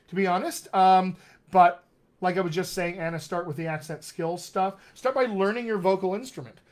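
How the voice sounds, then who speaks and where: A man working as a dialect coach, answering viewer questions in a live stream in an upbeat, encouraging way and speaking straight to his audience. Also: on the high side.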